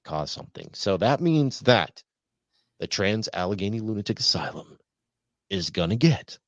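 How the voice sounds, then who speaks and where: Man, deep voice, podcast host, rambling casual chat, dry sound. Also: sing-song, normal speed, no room sound, dull audio. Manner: rambling, hesitant, with fillers and restarts.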